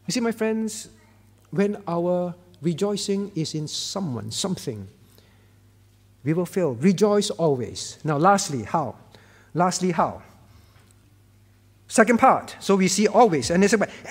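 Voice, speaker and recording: A man with a high voice preaches a sermon in a church, with his words ringing out in a long hall reverb. He is emphatic, repeats his key words and swings from quiet, low lines to loud ones. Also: animated, measured pace, pauses often, breathy edge. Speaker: pastor. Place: church sanctuary.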